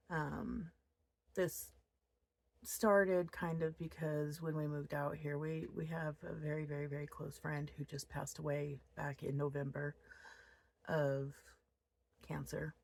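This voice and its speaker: Low, gravelly-voiced woman chatting at home. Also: darkish tone. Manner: rambling, chatty, openly upset. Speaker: crochet vlogger. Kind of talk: casual chat to camera. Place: home office.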